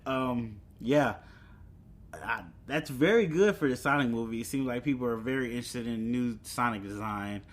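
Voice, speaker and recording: A man's voice: lowish voice, a little hiss or hum. A young man hosting a solo podcast, chatting casually about movie news with fillers and chuckles. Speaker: podcast host.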